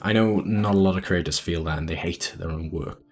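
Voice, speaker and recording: A young man with a fairly low voice talks earnestly at an online fan convention panel, rambling and doubling up words as he goes. He speaks from a room at home. Soft music plays faintly in the background. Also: brisk. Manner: earnest, rambling, repeats words when starting sentences. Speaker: convention panelist and video editor.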